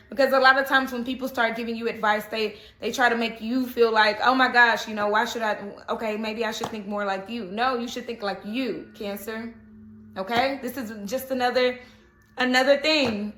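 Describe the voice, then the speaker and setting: A woman's voice: fairly high pitch, a bit bright. A woman giving a casual spoken tarot reading, chatty and reassuring, often checking in with "okay?". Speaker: tarot reader. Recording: echoey room.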